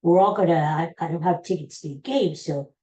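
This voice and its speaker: Older man, podcast host, folksy rambling monologue, mellow voice, echoey room. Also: on the high side, a little fast. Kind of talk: casual solo podcast monologue.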